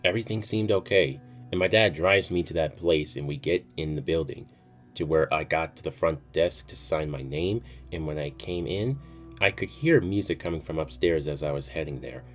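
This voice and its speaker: Brief: deep-voiced male storyteller, casual and profane, faint music under him. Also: normal speed. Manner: casual, swears freely. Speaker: storytime youtuber.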